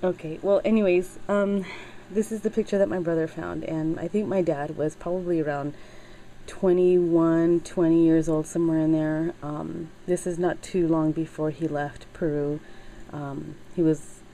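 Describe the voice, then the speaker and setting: A middle-aged woman chatting casually in a craft video, halting with many fillers and getting teary as she talks. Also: deep voice, steady tone, dark tone, slight background noise, low-quality recording. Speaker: crafting channel host.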